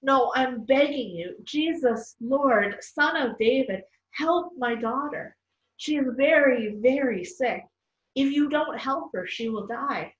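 A woman's voice: sits high, slow pace, pitched above the performer's own voice. Woman doing a fierce, desperate mother. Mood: pleading. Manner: forceful, pleading. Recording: distant, roomy, dull sound.

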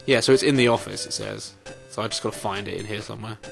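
A man commentating on a game, sweary and exasperated with a deadpan edge. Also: on the low side, fast talker, gravelly, soft background music. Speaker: let's play commentator. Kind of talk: casual gameplay commentary.

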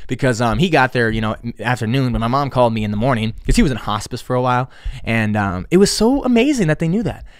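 A man's voice: mid-range voice, animated, quick pace, smooth, no room sound, clean studio sound. A young adult man, a podcast host, telling a personal story in a casual, rambling way, swearing often and slipping in sarcastic asides.

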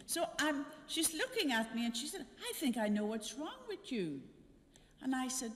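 A woman's voice: sits high, moderate pace. An older nun telling a personal story to a congregation, acting out the dialogue as she goes. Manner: animated, acts out dialogue in her story. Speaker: visiting nun giving a mission talk. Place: church. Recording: church hall reverb.

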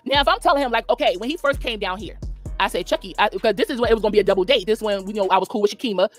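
A woman telling a story fast and angrily, swearing freely as she recounts events in casual chat. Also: mid-range voice, soft background music. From Philadelphia. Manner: profane, rapid, indignant. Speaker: guest.

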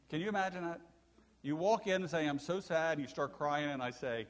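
A man's voice: on the high side, brisk. An older man, a pastor, preaching a sermon, telling stories and asking the congregation questions. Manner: animated storytelling preacher, asks the congregation questions. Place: church sanctuary. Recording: long church hall reverb.

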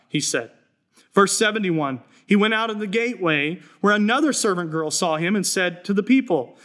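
Guy pastor preaching, fairly high voice, chatty storytelling, earnest. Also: moderate pace, fairly bright tone. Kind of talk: sermon.

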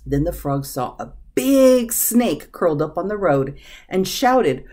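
Slow, very lively woman storyteller. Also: on the low side. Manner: slow and very expressive. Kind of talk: reading a children's story aloud.

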